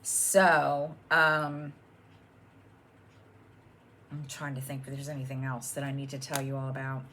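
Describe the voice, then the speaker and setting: Hosting her stitching channel from home, a middle-aged woman talks casually to camera in a bass voice with a level tone and a somewhat bright quality, speaking a little slowly. Her talk rambles with lots of ums and restarts over slight background noise.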